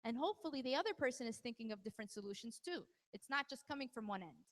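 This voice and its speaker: A woman's voice: on the high side, animated, fast talker, fairly bright tone. A woman presenting a parenting workshop to a live audience, talking conversationally and teasing people in the crowd by name. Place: large hall at a live event. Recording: long hall reverb.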